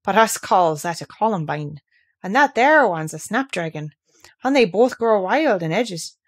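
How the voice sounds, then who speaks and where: A woman's voice: medium pitch, lively intonation, a little slow. Friendly moorland country boy, easy homely talk, as a woman reader puts him on. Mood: easygoing.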